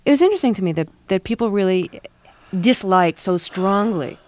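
A woman's voice: medium pitch, animated, moderate pace, darkish tone. A woman hosting a radio interview, asking friendly, curious questions. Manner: friendly, curious, laughs easily.

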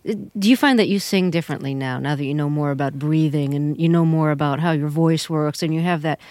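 Measured radio interview host. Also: female voice, sits low, darkish tone, no room sound. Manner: measured, polished questioning. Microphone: studio microphone.

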